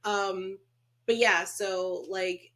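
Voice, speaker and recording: A woman's voice: medium pitch, drawn-out words. A woman co-hosting a horror movie podcast, chatting casually about a film and often acting out what the characters say. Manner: animated, acts out quoted characters. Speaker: podcast co-host. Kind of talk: casual movie review chat.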